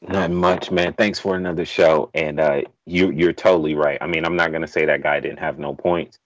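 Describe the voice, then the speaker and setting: A man's voice: extremely low pitch, steady tone, moderate pace, dry recording, lo-fi sound. A man calling in to a talk show, pressing his opinions in a rambling, emphatic way. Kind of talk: casual chat.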